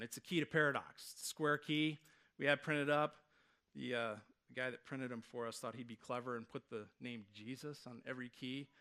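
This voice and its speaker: Animated man preaching to a congregation. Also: a little high. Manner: conversational, animated preaching with rhetorical questions. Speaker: pastor. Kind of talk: sermon. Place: church stage before a congregation.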